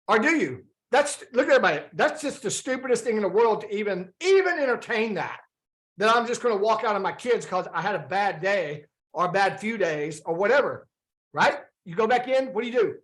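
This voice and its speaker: A man with a high-pitched voice leads a group coaching session over a video call. He talks in a loose, conversational way, throwing questions back at the group and voicing people's inner thoughts as he goes. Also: lively intonation, fairly quick, fairly bright tone. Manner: acts out quoted inner thoughts. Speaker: fitness and wellness coach.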